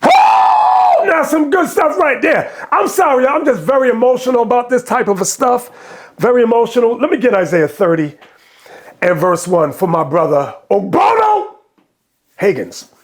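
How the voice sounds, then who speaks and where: A man giving a preaching commentary on video clips, impassioned and quoting scripture, often breaking into shouts. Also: very high voice, sing-song, moderate pace. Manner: quotes and explains scripture. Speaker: religious commentator.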